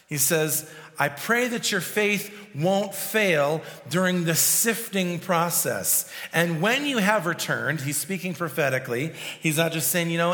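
A man's voice: sits high, in a large hall. A male pastor preaching a sermon, with frequent restarts and fillers. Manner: prays softly, then preaches with restarts and fillers.

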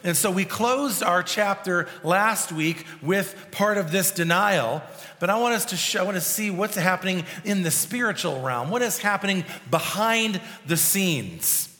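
A man's voice: sits high, a little slow, long reverb tail. A male pastor preaching a sermon, with frequent restarts and fillers. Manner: prays softly, then preaches with restarts and fillers.

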